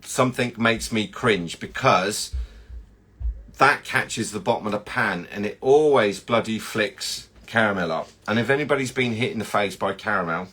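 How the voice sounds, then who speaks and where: Man, lowish voice, rambling chocolatier hosting a live viewer chat. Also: moderate pace, fairly bright tone, slightly rough. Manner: rambling, chatty, reads out viewer comments. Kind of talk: casual live-stream chat answering viewers.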